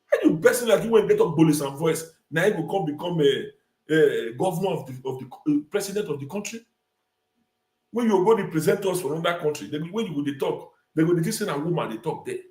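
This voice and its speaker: A man's voice: a little high, lively intonation, fast, mellow, reverberant. A man with a Nigerian accent hosting a talk show, ranting emphatically in a live-stream commentary and repeating phrases for effect.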